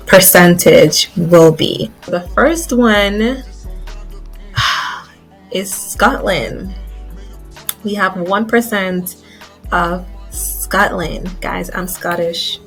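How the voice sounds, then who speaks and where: A woman vlogger talking casually to her viewers, chatty and loose, calling them y'all and guys. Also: on the low side. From Guyana. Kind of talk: casual chat to camera.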